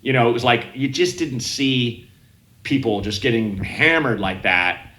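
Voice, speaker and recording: A man's voice: medium pitch, a little slow, bright, forceful tone, echoey room, low-quality recording. A man, a comedian guest, telling rambling anecdotes on a casual podcast and often acting out the people in them. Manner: rambling, self-interrupting anecdotes with quoted voices.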